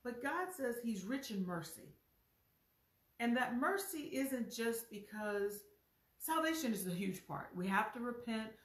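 A woman's voice: a little high, far from the mic. A woman giving an emphatic, earnest devotional sermon, acting out voices in short asides. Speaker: preacher. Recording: echoey room, voice from off mic.

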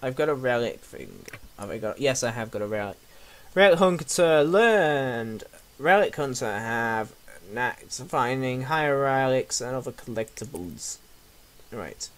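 A man's voice: medium pitch, animated, moderate pace. A young man giving rambling, jokey let's play commentary and talking back to the game characters. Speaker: gamer.

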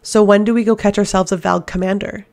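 A woman's voice: medium pitch, steady tone, brisk, darkish tone, natural voice. A woman voicing a hot-headed, protective young male warrior who talks in a brash, demanding way, in an audiobook.

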